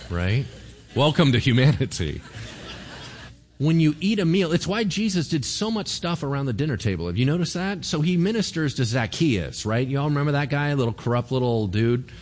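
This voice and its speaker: A man, a pastor, giving a conversational sermon in an animated way and often checking in with the congregation. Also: mid-range voice, normal speed, slight background noise. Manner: animated, keeps asking the congregation "right?".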